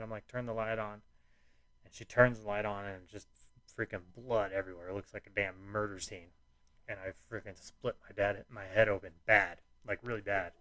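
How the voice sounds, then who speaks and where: Male podcast host, lowish voice, loose rambling storyteller who curses, dry room. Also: fairly bright tone, no echo. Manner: rambling, frequent "like" and restarts, swearing.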